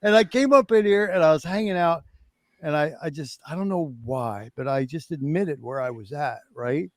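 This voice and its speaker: With a fairly high voice at a moderate pace, a man in his fifties speaks frankly as a guest on a livestream. He's emphatic and swears as he fires up the audience. The sound is dry and studio quality.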